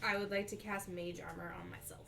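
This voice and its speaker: A woman playing a tabletop game live, lively and laughing, a little distracted. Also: on the low side, a little fast, gravelly, roomy sound, distant mic, music in the background. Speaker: player. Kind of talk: casual live-play chat.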